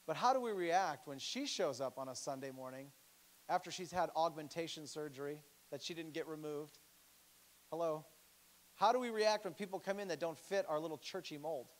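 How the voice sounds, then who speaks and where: A man who pastors a church, preaching a sermon with animated stories and emphatic appeals. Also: fairly high pitch, low-quality recording. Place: church sanctuary.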